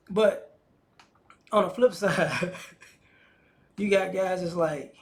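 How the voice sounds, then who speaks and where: A man speaking gives a loose, slangy opinion monologue in a notably high voice. He talks in a lively, animated way and slips into acted-out voices of the people he describes. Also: slow pace, long pauses. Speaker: commentator.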